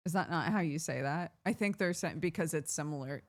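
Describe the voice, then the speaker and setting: A woman's voice: low-pitched, brisk. An American woman streamer chatting casually with viewers, laughing often as she talks. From United States.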